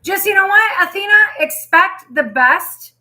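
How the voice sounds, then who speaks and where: A woman giving a tarot reading on a casual livestream, her voice high and bright. She talks in an animated, exclamatory way and swears freely. She sounds like she is speaking from home. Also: unhurried, slight background noise. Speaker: tarot reader.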